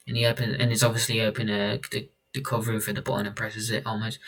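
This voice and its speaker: A man's voice: fairly low pitch, little pitch movement, fairly quick, a bit bright. Give me a man reading a comic aloud, offhand and casual, a little far from the mic. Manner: offhand, stumbling over names. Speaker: comic book reader.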